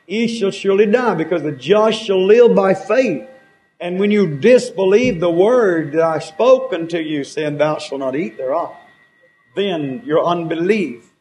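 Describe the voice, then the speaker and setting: Preaching man with a fairly high voice. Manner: preaching with rising and falling emphasis, quoting scripture. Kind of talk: sermon.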